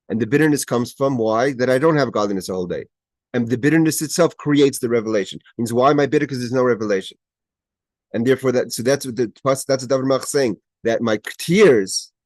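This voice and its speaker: A man's voice: medium pitch, darkish tone, no echo. A man teaching a class on a Chassidic text, reading Hebrew phrases and translating each one, with frequent restarts and emphatic rising questions. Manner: reads Hebrew phrases, then translates them. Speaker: Torah teacher. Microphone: video call.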